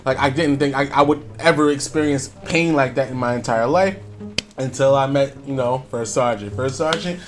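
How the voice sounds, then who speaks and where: A man's voice: mid-range voice, normal speed. A man on his own channel telling a story in a casual, rambling way, with many fillers and chuckles, over background music. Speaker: YouTuber.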